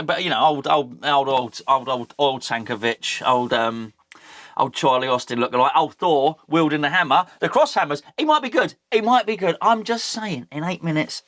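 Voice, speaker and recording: Male fan-channel host, jokey rambling chat, slightly high voice. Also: a bit bright, no room sound. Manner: rambling, jokey, self-correcting. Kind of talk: casual football chat.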